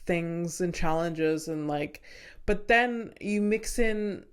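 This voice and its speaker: Slow-talking chatty young woman. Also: fairly low pitch, smooth. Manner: chatty, laughs often, acts out movie scenes. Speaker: podcast co-host. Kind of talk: casual chat.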